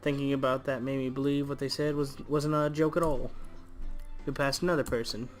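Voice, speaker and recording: Guy doing a let's play of a visual novel, reads the lines then cracks crude jokes, average pitch, faint music under him. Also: steady tone, fairly quick. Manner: reads story text aloud, breaks off into crude jokes. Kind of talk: casual let's play narration with jokey asides.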